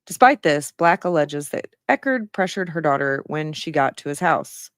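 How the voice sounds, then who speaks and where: A woman's voice: low voice, animated, normal speed, dry recording, studio quality. A middle-aged woman giving casual commentary on a news article she reads aloud, blunt and sarcastic and swearing freely.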